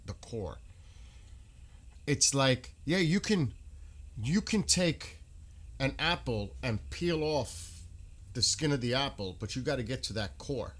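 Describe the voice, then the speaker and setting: A man's voice: mid-range voice, lively intonation, takes it slowly, long pauses, fairly bright tone. A man giving casual live commentary on news, indignant and firing off rhetorical questions.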